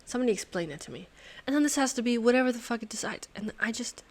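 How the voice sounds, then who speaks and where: A woman hosting a sudoku video who thinks aloud as she solves. She is excitable and swears and laughs in disbelief as she talks to herself and her viewers. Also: fairly high pitch, very fast. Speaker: host solving a sudoku puzzle. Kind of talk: thinking aloud while solving a puzzle.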